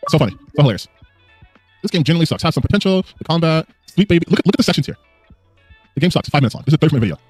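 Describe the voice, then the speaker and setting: A man's voice: fairly high pitch, expressive, racing, pauses often, a little mellow, husky, no room sound, soft background music. A man giving casual reaction commentary, mocking and dismissive, full of filler words.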